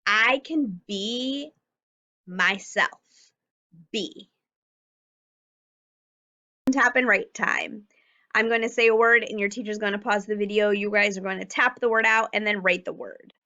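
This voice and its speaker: A woman teacher giving a phonics lesson to young children, sounding out letters slowly and clearly. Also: medium pitch, little pitch movement, pushed and bright, muffled recording.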